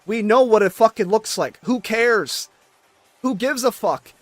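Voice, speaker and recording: A man's voice: high voice, animated, measured pace, no room sound. A man ranting in casual chat, exasperated and swearing constantly.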